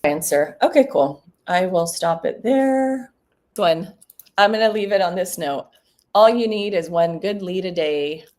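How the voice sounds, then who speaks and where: Woman vlogger, deep for a woman, relaxed and chatty, lots of ums. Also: measured pace. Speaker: real estate broker. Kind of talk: casual vlog while cold calling.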